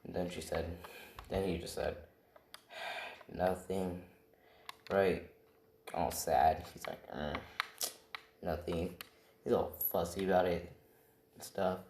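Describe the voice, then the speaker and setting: A man's voice: low voice, fairly even intonation, moderate pace, pauses often, a little mellow. A man casually improvising a story, rambling with constant "right?" and "like" fillers. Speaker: storyteller of an anime fan scenario. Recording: roomy, noisy home recording with typing.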